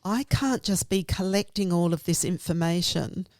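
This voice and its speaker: A woman's voice: on the low side, moderate pace, darkish tone, no echo, clean studio sound. A woman teacher explaining her classroom methods in a reflective, step-by-step way. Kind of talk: professional conversation about teaching.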